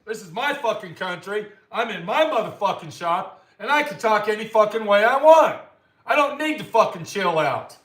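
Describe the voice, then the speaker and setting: A man's voice: sits high, lively intonation, moderate pace, a bit bright. An older man ranting profanely to live-stream viewers from his workshop, answering their comments combatively. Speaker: livestream host. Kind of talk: angry live-stream rant.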